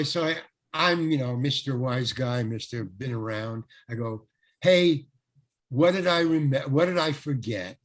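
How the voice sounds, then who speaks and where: An older male actor, a guest on an interview, telling rambling, animated anecdotes full of restarts. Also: medium pitch. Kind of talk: casual storytelling interview.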